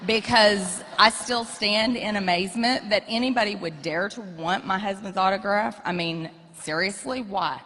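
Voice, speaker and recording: A middle-aged woman telling candid, self-mocking stories as a guest in an onstage interview. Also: on the low side. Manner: blunt, self-mocking, animated storytelling. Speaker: guest speaker. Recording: long hall reverb.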